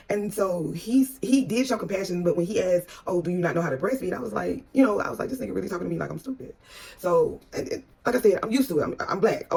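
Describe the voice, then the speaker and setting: A woman's voice: fairly low pitch, gravelly, husky. A woman telling a personal story in a casual, rambling way. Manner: rambling with many restarts.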